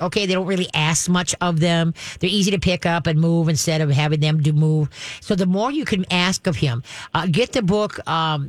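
A woman's voice: lowish voice, no room sound. A woman, hosting a call-in radio show and giving callers firm, chatty dog training advice. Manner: direct, instructive, chatty with laughs.

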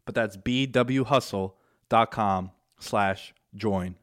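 A man's voice: fairly low pitch, slow. A man co-hosting a casual chat, telling stories in a laid-back, drawling way. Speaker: podcast co-host.

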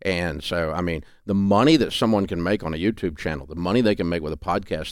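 A middle-aged man with a Tennessee Southern accent appears as a guest on a radio talk show, speaking in a folksy, emphatic way during a remote interview over a call setup. His deep voice comes through dry and clean, with studio-quality sound.

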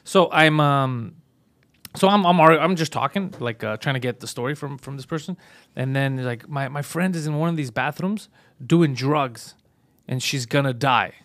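A man co-hosting a podcast, telling a story in casual chat, swearing and acting out the people he quotes. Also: moderate pace. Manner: excitable, profane, acts out quotes with rising pitch. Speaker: podcast co-host.

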